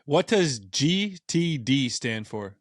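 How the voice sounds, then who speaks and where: A man's voice: medium pitch, sing-song, slow pace. A man hosting a casual interview show, asking short questions.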